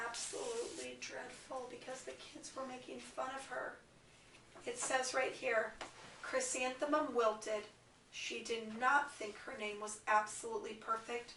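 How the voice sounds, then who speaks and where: Kindergarten teacher, woman, slightly high voice, slow and coaxing delivery; recorded from across an echoey classroom. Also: background noise. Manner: slow, clear, coaxing teacher talk to small children. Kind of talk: classroom read-aloud lesson. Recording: echoey classroom, far from the camera mic.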